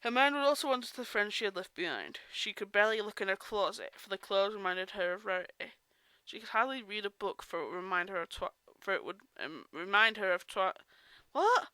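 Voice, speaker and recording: A woman's voice: medium pitch, quick pace, sharp tone, clear, resonant tone, no echo. A woman reading a story aloud in a casual way, breaking off for chatty asides and correcting herself. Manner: chatty asides, self-interrupting. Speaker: reader of fan fiction.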